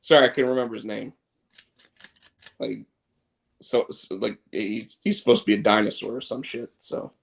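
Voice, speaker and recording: A man's voice: on the low side, steady tone, moderate pace, gravelly, long pauses. A man co-hosting a casual wrestling chat show, rambling and opinionated with many restarts. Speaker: co-host.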